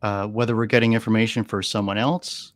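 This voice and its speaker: A man's voice: fairly low pitch, flat delivery, fairly quick, no echo, studio quality. A man talking earnestly on a podcast, telling stories and often repeating words as he gathers his thoughts. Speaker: animal communicator guest. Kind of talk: storytelling interview talk. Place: podcast studio.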